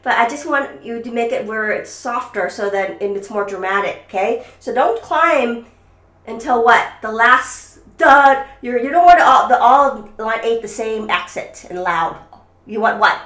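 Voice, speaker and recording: A woman's voice: a little high, lively intonation, measured pace, a bit bright, roomy sound, recorded from a distance. Woman violin teacher coaching a student. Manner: coaching, sings rhythms aloud. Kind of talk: online music lesson.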